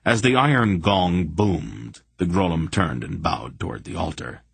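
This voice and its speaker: Low husky guy reading a fantasy audiobook, dry close sound. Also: expressive, a little slow, no echo. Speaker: audiobook narrator. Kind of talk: scripted narration.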